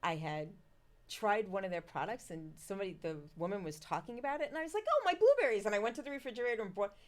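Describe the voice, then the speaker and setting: A woman's voice: medium pitch, fast. A middle-aged woman speaking as an interview guest, telling a story casually and acting out the dialogue with lots of expression. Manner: animated, acts out quoted dialogue. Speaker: company founder, guest.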